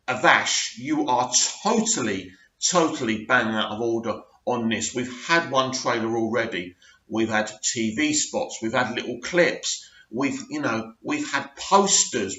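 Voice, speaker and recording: A man's voice: medium pitch, bright, forceful tone. A man hosting a fan news show, giving opinionated commentary and reading posts aloud. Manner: opinionated, emphatic, reads tweets aloud. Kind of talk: casual commentary to camera. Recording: echoey room, slightly dull sound.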